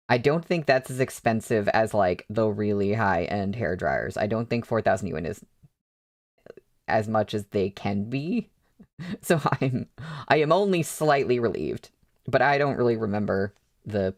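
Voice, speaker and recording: A man's voice: lowish voice, creaky. A man reading a novel aloud at a casual pace, breaking off for chatty, hesitant asides full of fillers. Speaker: book reader. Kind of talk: casual read-along with asides.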